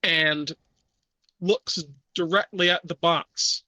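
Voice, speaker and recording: Male game master, unhurried and bright, dry recording. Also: fairly high pitch, fairly even intonation, dry recording. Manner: measured, with many fillers. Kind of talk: narrating a tabletop horror game.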